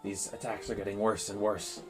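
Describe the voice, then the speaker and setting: This is a stoic goliath warrior woman in a tabletop game, wounded and worn out, with a man giving her voice. She talks plainly and wearily in a low, even tone. Nothing she says sounds hurried or dramatic. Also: over music, lightly acted. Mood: weary. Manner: tired, matter-of-fact.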